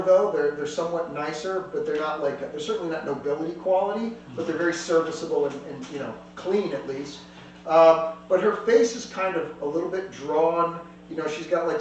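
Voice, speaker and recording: Rambling game master in an echoey room. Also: male voice, fairly high pitch. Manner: rambling, filler-heavy, restarts often. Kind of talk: narrating a tabletop game. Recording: echoey room, distant mic, faint hum.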